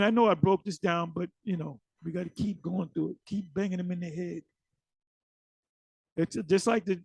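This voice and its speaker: A man runs an informal Bible study, reading verses and then drifting into rambling asides full of restarts. His voice sits high and gravelly. It sounds dry and close, with no room echo. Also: darkish tone. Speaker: Bible teacher.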